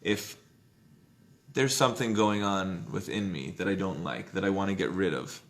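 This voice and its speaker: Man, low pitch, gravelly, casual teacher, conversational, text study class. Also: moderate pace. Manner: conversational, often asks "right?", acts out inner voices loudly. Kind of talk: informal text study lesson.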